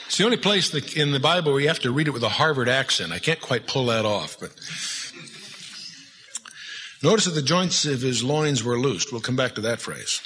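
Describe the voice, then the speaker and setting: A man's voice: medium pitch, lively intonation, fast talker, few pauses, pushed and bright. A man teaching through a Bible chapter verse by verse, reading scripture and adding folksy joking asides. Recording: live hall with long reverb, faint hum.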